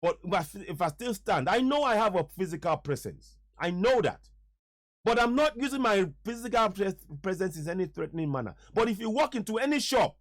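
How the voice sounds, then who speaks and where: A man reacting to a played clip, talking emphatically and repeating short urgent remarks. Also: high voice. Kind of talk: live reaction commentary.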